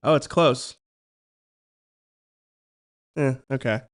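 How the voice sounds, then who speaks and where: A man's voice: mid-range voice, drawn-out words. A man co-hosting a casual sports podcast, weighing ideas aloud and often restarting his sentences. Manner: analytical, thinks aloud with fillers and restarts. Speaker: podcast co-host.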